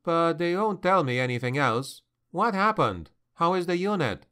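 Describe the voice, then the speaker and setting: A man's voice: on the high side, sing-song, a bit bright, clean tone, pitched above the performer's own voice. A man voicing a tough, short-tempered female mercenary commander, injured, her voice a little thick from painkillers. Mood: anxious. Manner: snappish, brisk.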